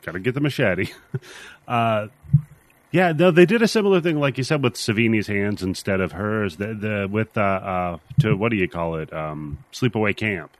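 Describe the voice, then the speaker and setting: A man with a low voice, recorded dry and close. He recaps a film in a relaxed way and laughs easily. This is casual podcast talk. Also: moderate pace, no room sound. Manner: laid-back, recaps scenes, laughs often. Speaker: podcast co-host. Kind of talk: casual chat.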